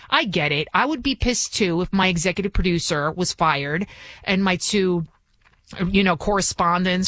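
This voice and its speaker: A woman's voice: medium pitch, fairly bright tone, dry recording. A woman filling in as a talk radio host, delivering a combative, scornful monologue full of restarts and asides.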